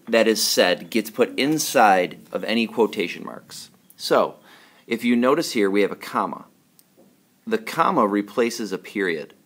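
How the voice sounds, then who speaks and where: Male teacher, lower register, patient explainer for a classroom writing lesson. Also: a bit bright. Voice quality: patient, explanatory, checks in with "okay?".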